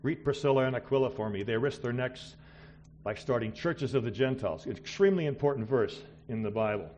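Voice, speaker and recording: A middle-aged man preaching a missionary sermon, swinging between loud exclamations and quiet asides. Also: mid-range voice, fast, slight background noise.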